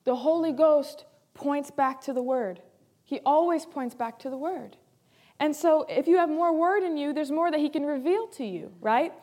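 High-voiced woman pastor preaching. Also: normal speed. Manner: emphatic preaching, repeats key phrases, swings between loud and soft. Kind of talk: sermon.

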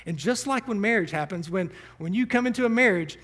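Male pastor with a high voice delivering an emphatic sermon with rhetorical questions. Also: animated, brisk, fairly bright tone, slightly rough.

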